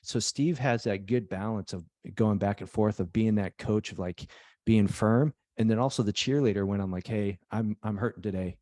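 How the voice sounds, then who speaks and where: Low-voiced man chatting casually on a podcast. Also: normal speed, dry recording, studio quality. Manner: relaxed, conversational, acts out quotes. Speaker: podcast co-host, business owner. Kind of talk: casual business podcast chat.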